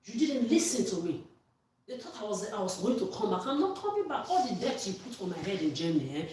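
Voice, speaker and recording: A woman's voice: medium pitch, sing-song, fast, a little mellow. Ranting woman in an echoey room. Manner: ranting, accusatory, swearing, often raising her voice. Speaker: vlogger. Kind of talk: angry monologue to camera. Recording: echoey room, far from mic.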